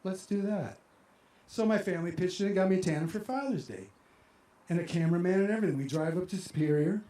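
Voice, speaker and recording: A man in his sixties telling a personal story live to an audience at an outdoor amphitheater, animated and emotional as he acts out his own reactions. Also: high-pitched, quick pace, reverberant.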